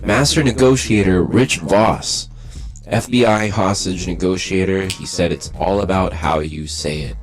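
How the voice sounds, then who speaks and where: Deep-voiced man in loose profane chat. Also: unhurried, faint music behind. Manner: loose, rambling, self-deprecating, lots of fillers and swearing. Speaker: podcast host. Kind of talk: casual, profane podcast chat.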